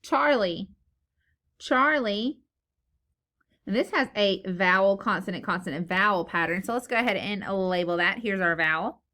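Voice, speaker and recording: A woman teacher leading a phonics lesson for young children, slow and encouraging, sounding out words syllable by syllable. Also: mid-range voice, pushed and bright. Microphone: recorded lesson video.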